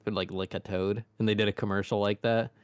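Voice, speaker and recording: A man on a podcast, joking and swearing casually, dropping quick impressions into the chat. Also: on the low side, little pitch movement, smooth, no echo, clean studio sound.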